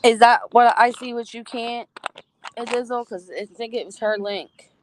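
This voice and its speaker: A woman's voice: fairly high pitch, steady tone, measured pace, slight background noise. A woman hosting a casual livestream, greeting chatters by name and gossiping bluntly with frequent swearing. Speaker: livestream host.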